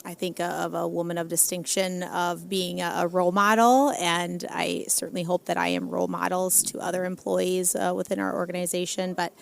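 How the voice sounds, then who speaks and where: Woman in her forties, lowish gravelly voice, calm and measured interview guest. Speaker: senior care executive. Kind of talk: casual conversational interview.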